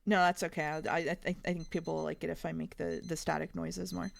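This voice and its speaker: A woman's voice: deep voice, level tone, quick pace, gravelly. A woman streaming a game, chatting casually with a co-player, joking and swearing often. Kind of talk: casual let's-play chat.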